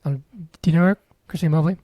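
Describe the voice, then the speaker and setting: A man's voice: fairly high pitch, steady tone, fast talker, dry recording, highs cut off. A young man co-hosting a podcast, chatting casually and joking around with wheezy laughs. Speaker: podcast co-host. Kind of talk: casual chat.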